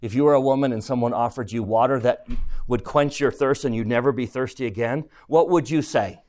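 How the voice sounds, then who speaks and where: A man leads a scripture class in a mid-pitched voice, neither high nor low. He talks his listeners through a story and keeps turning questions back to them. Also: a little fast, darkish tone. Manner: poses questions to the class and retells scripture scenes. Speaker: religion teacher.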